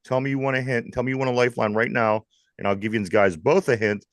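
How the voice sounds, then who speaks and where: A man with a Pittsburgh accent hosting a live sports talk show, lively and jokey, reading trivia questions to his co-hosts. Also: mid-range voice, fast talker, no echo. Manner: lively, jokey, laughs often. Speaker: host.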